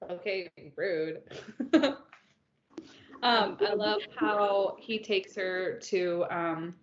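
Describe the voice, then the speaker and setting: A woman's voice: mid-range voice, extremely slow, long pauses, noisy background. A woman chatting casually about books as a podcast co-host, telling stories and laughing often. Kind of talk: casual book chat. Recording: roomy, dull lo-fi sound.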